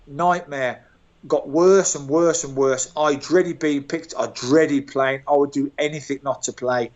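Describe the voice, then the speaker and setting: A man in his sixties from Birmingham, telling animated, self-mocking stories as an interview guest. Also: a little high, unhurried, muffled recording. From England, Birmingham. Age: 60s. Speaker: guest, former footballer. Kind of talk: storytelling interview.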